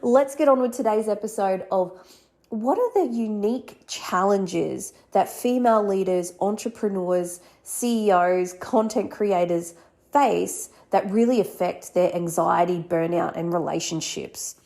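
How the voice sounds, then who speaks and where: A woman's voice: mid-range voice, unhurried, darkish tone. Woman with a congested, nasal voice. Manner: earnest, reflective, with fillers. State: nasal from a cold. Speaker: podcast host and therapist. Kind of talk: solo podcast talk.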